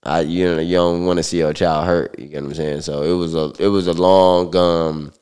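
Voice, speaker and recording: A man recounting a personal story in a relaxed interview, talking loosely with many fillers. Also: deep voice, normal speed, smooth. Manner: relaxed, loose, full of fillers like "like" and "you know". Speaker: guest.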